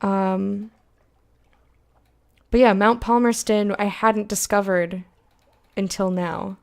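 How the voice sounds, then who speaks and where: A young adult woman streaming a game, chatting excitedly with viewers, swearing, and slowly reading game text aloud. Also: mid-range voice, vocal fry. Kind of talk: blind let's-play commentary, chatting with viewers.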